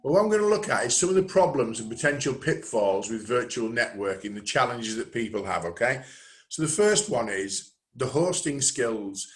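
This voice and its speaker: A man's voice: medium pitch, normal speed. A man presenting a webinar on networking, chatty and self-deprecating over a video call. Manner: lively, conversational, self-deprecating.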